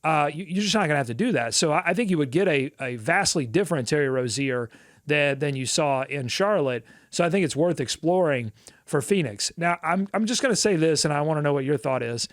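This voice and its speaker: A man's voice: fairly high pitch, expressive, a little fast, no echo, studio quality. A man co-hosting a sports podcast, talking casually with lots of fillers and playful asides. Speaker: podcast co-host.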